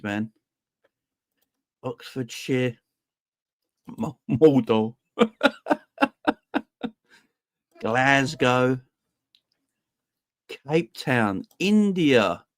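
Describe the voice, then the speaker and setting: A young man hosting a football fan livestream, casually and cheerfully shouting out viewers in the chat. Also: mid-range voice, lively intonation, very slow, pauses often, no echo, clean studio sound. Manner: upbeat, shouting out viewers by name. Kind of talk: casual live-stream chat.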